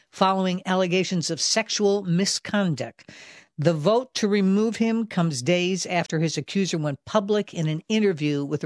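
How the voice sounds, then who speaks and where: A woman's voice: fairly low pitch, dry recording, clean studio sound. A woman, hosting political commentary in an emphatic, insistent way. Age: 60s. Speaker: talk show host.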